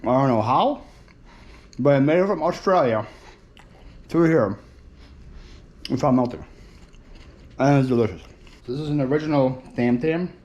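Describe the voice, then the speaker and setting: A young man chatting excitably to camera in a casual vlog, thinking aloud as he opens mail at home. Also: mid-range voice, unhurried, pauses often, highs cut off. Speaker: reselling vlogger. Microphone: phone camera.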